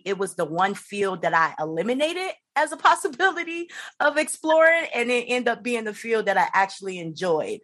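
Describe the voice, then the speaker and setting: A woman physician from Chicago speaks as a podcast guest, with a somewhat low pitch. She explains her field in a measured, steady way. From Chicago, USA. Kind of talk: podcast interview.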